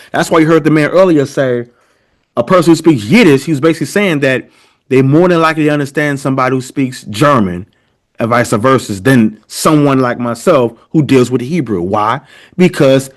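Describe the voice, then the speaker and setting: A man teaching a lesson, explaining points emphatically and checking in with his listeners as he goes. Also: medium pitch. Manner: emphatic, addresses listeners directly, checks in often. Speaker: teacher presenting a language comparison. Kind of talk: lecture-style explanation.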